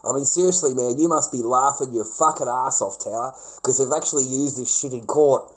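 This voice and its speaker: A man with an Australian accent holds forth in a sneering, swear-filled rant, mocking the people he complains about. He stretches some words out slowly for weight, and his pitch sits in an ordinary middle register. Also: rough recording. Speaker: vlogger. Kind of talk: profane ranting monologue.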